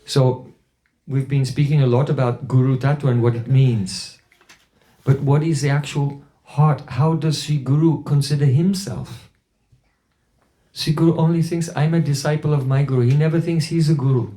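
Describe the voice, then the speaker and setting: A man's voice: mid-range voice, steady tone, normal speed, warm tone. A man giving a spiritual talk through anecdotes, with rhetorical asides and quoted voices. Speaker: spiritual teacher. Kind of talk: storytelling sermon.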